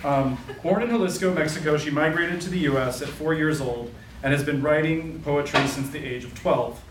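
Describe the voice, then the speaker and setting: A man hosts a live reading and introduces the next guest in a casual way, with fillers and asides. His voice is slightly higher than most and sounds distant in a roomy space, with faint ambience. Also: normal speed, slight background noise. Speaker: event host. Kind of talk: introducing a speaker. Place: live literary event indoors.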